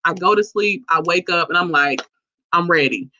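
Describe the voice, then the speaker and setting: A woman guest chatting casually, slangy and animated as she tells stories. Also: lowish voice, brisk. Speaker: guest entrepreneur. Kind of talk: casual chat. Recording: dull lo-fi sound.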